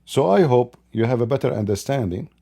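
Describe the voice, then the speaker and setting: Guy ranting in a commentary video, scornful, keeps asking rhetorical questions, low mellow tone. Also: lively intonation, fairly quick, gravelly, slightly rough. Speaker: online commentator. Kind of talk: opinionated commentary monologue.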